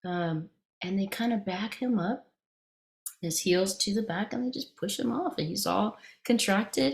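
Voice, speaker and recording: A woman's voice: mid-range voice, moderate pace, vocal fry. A woman meditation teacher giving a dharma talk, telling a personal story in a conversational, meandering way with frequent restarts.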